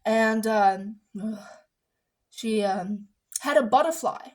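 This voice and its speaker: High-voiced woman telling a dramatic story. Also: takes it slowly. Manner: animated, swearing, dramatic retelling with quoted voices. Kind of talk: casual vlog storytelling.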